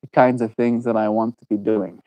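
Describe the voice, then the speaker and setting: A South African man in his twenties, chatting with viewers in a slow, musing way during a stream. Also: lowish voice, steady tone, warm tone, no room sound, low-quality recording. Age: 20s. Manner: slow, drawn-out and musing, laughs easily. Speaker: daily livestreamer. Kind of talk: reflective stream chat with viewers.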